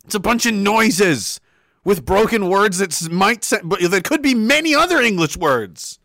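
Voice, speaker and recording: A man telling a story in a casual rant, animated, swearing and laughing often. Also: high voice, moderate pace, dry recording, studio quality.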